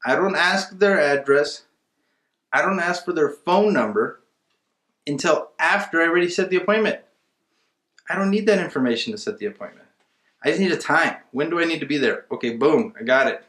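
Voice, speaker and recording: A man's voice: a little high, lively intonation, moderate pace, pauses often, a bit bright. Conversational male webinar instructor, echoey room. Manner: conversational, emphatic, acts out seller dialogue. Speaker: real estate investing instructor. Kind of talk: casual webinar teaching.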